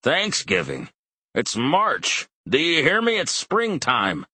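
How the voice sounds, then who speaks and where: A man voicing a blunt elderly father who barks in a booming voice. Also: animated, a little slow, a bit bright, dry recording. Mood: gruff. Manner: booming, barking.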